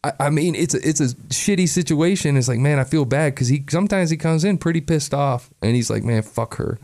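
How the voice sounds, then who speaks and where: A man co-hosting a podcast, chatting casually. He tells a friend's story with lively quoted lines and laughs often. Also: a little high, fairly quick. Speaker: podcast co-host. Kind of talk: casual chat.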